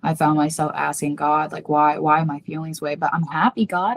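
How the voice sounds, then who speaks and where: Speaking a little fast, a woman with a slightly low voice shares a personal story as a guest on a podcast, where she's a psychic medium. She's earnest and confiding and talks about herself by name. In her animated delivery, her voice leaps upward each time she acts out someone's words.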